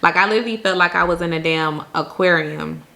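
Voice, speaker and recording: A woman from Jamaica telling a vacation story to her viewers in a casual storytime, animated and laughing often. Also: on the low side, fast, creaky.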